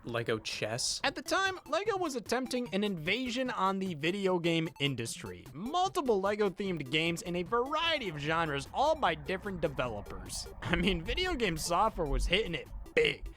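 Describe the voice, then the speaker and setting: Deadpan comedic narrator, man, lively pitch, light music under him. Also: normal speed, hardly any pauses. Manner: deadpan, sarcastic delivery. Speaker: video essayist.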